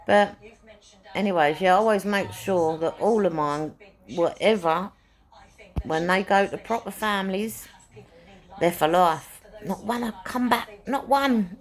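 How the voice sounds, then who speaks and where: A woman's voice: mid-range voice, unhurried, pauses often. A woman chatting casually to camera, rambling and repeating phrases for emphasis as she talks about rescuing animals. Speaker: pet owner and animal rescuer.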